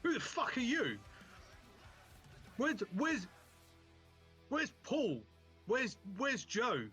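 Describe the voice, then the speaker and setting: A furious bandit chief , as a man puts him on, in a tabletop game, shouting and cursing in a strained, high, bright voice. He is loud, with a sharp edge, and sounds thoroughly fed up. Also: very animated, drawn-out words, slightly rough, soft background music, exaggerated voice. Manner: swears constantly, shouts in a raised voice. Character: foul-mouthed, exasperated male bandit chief.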